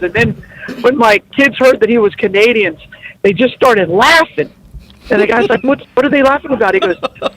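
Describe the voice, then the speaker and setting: A man's voice: high voice, a bit bright, low-quality recording. A middle-aged man, a guest on a radio show, telling playful, teasing stories in casual chat. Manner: jokey storytelling, playful teasing. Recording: radio broadcast.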